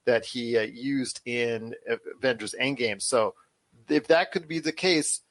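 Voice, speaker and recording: A man's voice: medium pitch, a little slow, a bit bright, no echo. A man hosting a casual podcast chat, talking in an enthusiastic, rambling way with frequent restarts. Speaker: show host.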